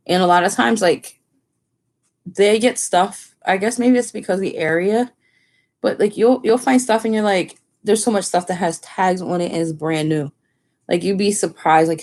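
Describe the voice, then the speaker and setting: A woman chatting casually on a home live stream, rambling with lots of fillers. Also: a little mellow. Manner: slips into high baby talk with her dog. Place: family home.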